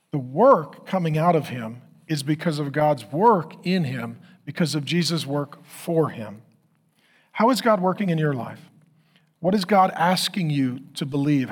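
A man's voice: a little high, slightly rough. A man preaching as a pastor, telling a story with emphatic lists, then closing in prayer. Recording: long hall reverb.

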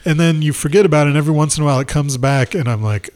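A man's voice: on the high side, racing, a little mellow. Rambling man riffing on a movie. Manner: rambling, laughs at his own notes. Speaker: podcast co-host. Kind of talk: casual film discussion.

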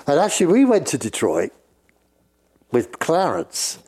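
A man's voice: on the high side, huge pitch swings, a little slow, darkish tone, husky. An older man from England with a British accent, telling long, rambling stories about his years on the road as a guest in a casual chat. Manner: rambling anecdotes with frequent restarts. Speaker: guest, former road manager and sound engineer. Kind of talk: casual storytelling.

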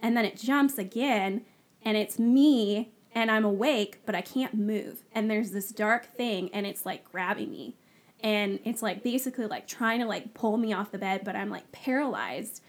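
A woman, a guest on the show, telling her personal story in a casual, animated way, acting out the dialogue she quotes. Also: medium pitch, moderate pace. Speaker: guest sharing her testimony.

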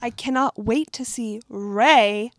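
A young woman with a cold, chatting and giggling as she gives her firm opinions on a podcast. Her voice sits a little high. The recording is dry and close. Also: slow, dry recording. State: has a cold. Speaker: podcast co-host. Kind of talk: casual chat.

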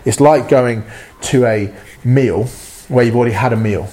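Male preacher, mid pitch, husky tone, earnest conversational sermon, stammers and repeats words. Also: normal speed, warm tone.

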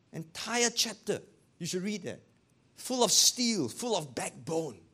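A male pastor who preaches in an animated way, asking rhetorical questions and acting out quotes. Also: high-pitched. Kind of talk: sermon.

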